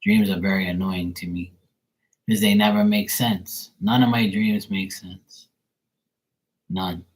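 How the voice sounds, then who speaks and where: A man's voice: low-pitched, steady tone, unhurried, pauses often. A man hosting a tarot livestream, chatting casually with viewers in a rambling, profane storytelling way.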